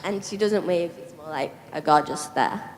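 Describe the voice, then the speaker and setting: A woman in the audience, teary with happiness and giggly, asking an excited question. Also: lowish voice, moderate pace. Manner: excited, giggly, says "like" a lot. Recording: reverberant festival tent, faint noise.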